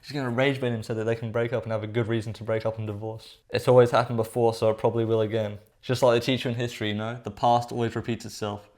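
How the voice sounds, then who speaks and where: Young male reaction commentator, rapid-fire delivery, sarcastic and exasperated. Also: medium pitch, level tone, darkish tone. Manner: sarcastic, exasperated, casual slang. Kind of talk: comedic commentary reading text messages aloud.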